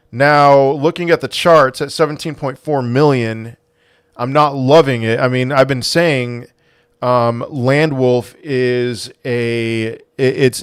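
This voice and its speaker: A man's voice: mid-range voice, clear, resonant tone, no echo, studio quality. Sarcastic young man on a livestream. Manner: sarcastic, reads chat aloud, halting restarts. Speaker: livestream host. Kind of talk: casual crypto livestream chat.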